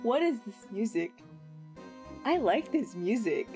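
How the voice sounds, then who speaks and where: A woman's voice: fairly high pitch, big pitch swings, measured pace, long pauses, warm tone, soft background music. A woman streamer giving playful, giggly gameplay commentary and swearing casually.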